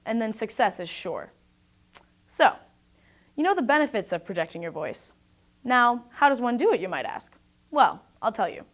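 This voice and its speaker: A young woman giving a scripted talk about presentation skills, speaking in a clear, projected and deliberate way. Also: fairly high pitch.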